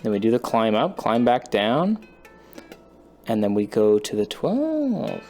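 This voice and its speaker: Very animated yet measured in pace, this man's mid-range, darkish voice comes through as he works out a guitar part on camera. It's a casual self-taught lesson in a home studio with a loud computer, with his own playing behind his rambling, self-mocking thinking aloud.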